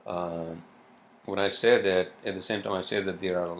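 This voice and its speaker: A man's voice: deep voice, steady tone, moderate pace, a little hiss or hum. A man hosting a solo podcast, talking in a meandering, profane way with many fillers. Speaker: podcast host. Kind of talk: rambling solo podcast monologue.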